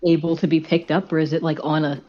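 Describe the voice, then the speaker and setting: Low, dark-voiced woman gamer. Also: flat delivery, fast talker. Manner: giggly, self-deprecating. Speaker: player. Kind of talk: casual tabletop game chat. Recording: muffled lo-fi recording.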